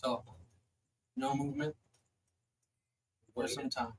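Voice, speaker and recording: A man's voice: medium pitch, wildly swooping pitch, slow, vocal fry, slightly rough, low-quality recording. A man running a tabletop game as game master, narrating a battle in a loose way with many fillers.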